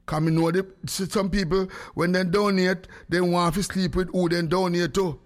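A Jamaican man talks live from his home studio in a high, bright voice. He is animated and playful, joking with his audience and calling out to viewers by name. His speech rolls along in casual, teasing banter. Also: normal speed. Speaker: livestream host.

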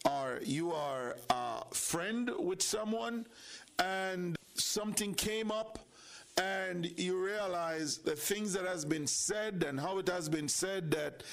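A man with a raised, gravelly voice hosts a faith-based talk show. He talks like a preacher, repeating lines for weight and turning straight to his listeners. His delivery builds to excited, high exclamations. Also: takes it slowly. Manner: preacherly, repeats phrases, addresses audience directly.

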